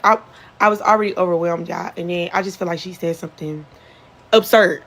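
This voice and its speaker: A woman's voice: a little fast, a bit bright, low-quality recording. Young woman telling her own story. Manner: earnest, conversational, re-enacts others' words with shifts in pitch. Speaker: storyteller, survivor recounting events. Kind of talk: casual first-person storytelling.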